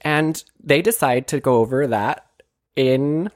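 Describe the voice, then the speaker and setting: A young woman co-hosting a podcast, casually recapping a film in an animated, jokey way and slipping into mock voices. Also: very deep voice, takes it slowly, dry recording, studio quality.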